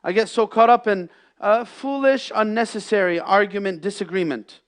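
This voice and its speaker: High-voiced man preaching with passion. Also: normal speed. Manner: impassioned, swings between loud emphasis and hushed lows, mixes in Arabic phrases. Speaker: imam giving a Friday sermon. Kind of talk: sermon. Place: mosque prayer hall.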